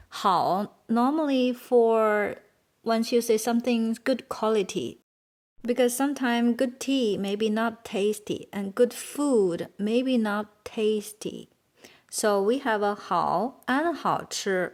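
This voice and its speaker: Slow-paced woman with a Chinese accent teaching. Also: on the high side. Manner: patient, repeats words slowly for learners. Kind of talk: beginner language lesson.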